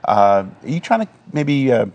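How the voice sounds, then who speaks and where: A man co-hosting a TV interview, asking halting questions with frequent affirmations. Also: medium pitch, very animated, gravelly, a little mellow, muffled recording. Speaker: talk show co-host. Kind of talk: conversational TV interview. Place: TV studio.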